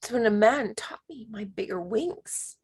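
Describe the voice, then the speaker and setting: A woman leading a spiritual workshop, talking slowly and emphatically and sometimes dropping to a whisper. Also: a little high, expressive, a little mellow, breathy edge. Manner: slow, emphatic, drops to whispers. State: emotional. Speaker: workshop leader.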